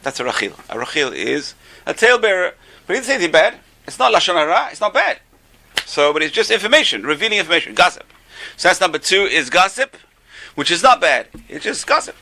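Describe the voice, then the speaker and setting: A man's voice: high voice, big pitch swings, fast, gravelly, bright, forceful tone. An older man teaching an informal religious class, a chatty, joking storyteller.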